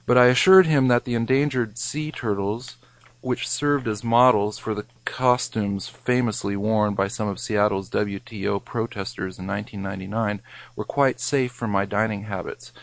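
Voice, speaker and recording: A man's voice: on the low side, no echo, rough recording. A man reading a scripted, wry food memoir, his wording mock-grand. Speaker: narrator.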